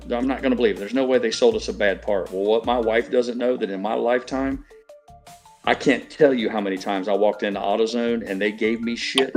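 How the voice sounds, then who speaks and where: Middle-aged man, lowish voice, profane ranting, casual chat, faint music behind. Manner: profane, ranting, aggrieved storytelling. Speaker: stream regular.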